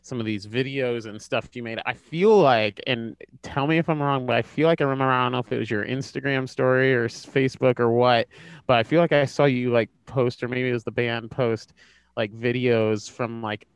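A man's voice: mid-range voice, steady tone, brisk, clean tone, dry recording. A man co-hosting a casual podcast, enthusiastic and rambling, full of "like"s. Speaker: podcast co-host.

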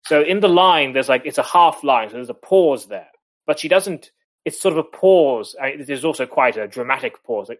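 A man's voice: medium pitch, animated, moderate pace. A man co-hosting a podcast in a casual literary discussion, rambling with many restarts and chuckles. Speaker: podcast co-host.

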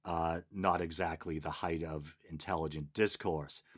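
A man's voice: a bass voice, steady tone, a little slow. A man hosting a podcast, reading out online comment threads with wry, amused asides. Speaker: podcast host.

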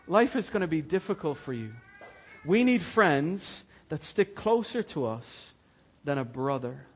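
A man with a high, husky voice preaching a sermon in a church. He talks slowly and lets his voice drop to a hush, then climbs loud and soaring. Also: sing-song. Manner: swings from hushed and slow to loud and soaring. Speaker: pastor.

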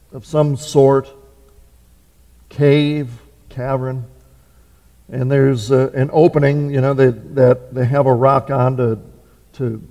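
A man preaches a conversational sermon, packed with fillers, restarts and rhetorical questions. His voice is medium-pitched and a little mellow, and the recording carries the reverb of a large hall.

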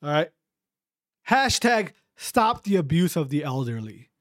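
High-pitched, lively male podcast ranter. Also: a little slow. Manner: fiery, profane, repeats himself. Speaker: podcast host. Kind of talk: heated podcast rant.

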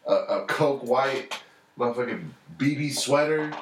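A man's voice: medium pitch, measured pace. Man, podcast host, brash teasing banter, heavy swearing, roomy echo, faint noise. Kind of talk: casual profane banter. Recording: echoey room, distant mic, faint noise.

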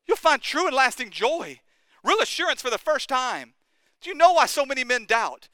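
A man's voice: very high-pitched, sing-song, moderate pace, pushed and bright, dry recording. A man preaching a sermon as pastor, impassioned and urgent, firing rising questions at the congregation.

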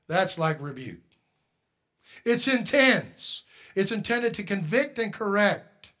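A man's voice: a little high, expressive, normal speed, pushed and bright. A man preaching a sermon as pastor, emphatic and direct, firing rhetorical questions at the congregation.

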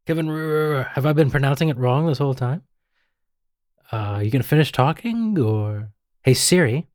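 A man with an Australian accent hosting a small radio show in a rambling, self-mocking way, often tripping over names. His voice is mid-pitched and recorded close and dry, with no room echo. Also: animated, moderate pace, darkish tone. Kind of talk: casual radio banter.

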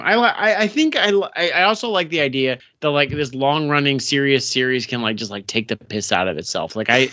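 A man co-hosting a casual talk show about video games, rambling along with plenty of fillers and restarts. His voice is bright and forceful, and it sits dry and close to the mic. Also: medium pitch, expressive, brisk, no room sound.

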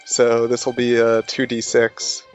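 A man playing a tabletop role-playing game, explaining his turn in a deliberate, amused way. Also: medium pitch, monotone, highs cut off, soft background music. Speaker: player. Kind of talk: tabletop role-play chat.

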